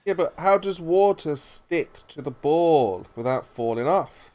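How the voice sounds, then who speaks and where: Man host, a little high-pitched, dogged repeated questioning, casual debate. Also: expressive, a little slow, a little mellow. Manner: persistent, repetitive questioning.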